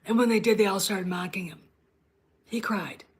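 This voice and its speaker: A woman's voice: mid-range voice, normal speed, slightly rough. A woman hosting her own online show, ranting bluntly and with plenty of swearing while talking straight to her live chat. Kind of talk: casual livestream rant.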